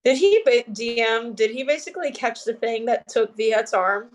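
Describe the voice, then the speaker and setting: A woman chats casually during a tabletop game. Her voice sits a little high, and her tone is relaxed. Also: normal speed. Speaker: player.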